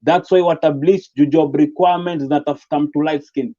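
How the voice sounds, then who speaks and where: A man's voice: a little high, fairly even intonation, a little fast, mellow. A young Kenyan man with a Kenyan accent, performing spoken word poetry in a rhythmic, rhyming delivery. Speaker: poet. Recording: dull lo-fi recording.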